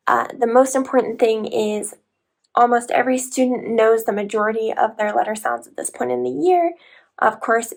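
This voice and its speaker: Woman, kindergarten teacher, parent tutorial, fairly high voice, vocal fry. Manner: explanatory, breaking words into parts.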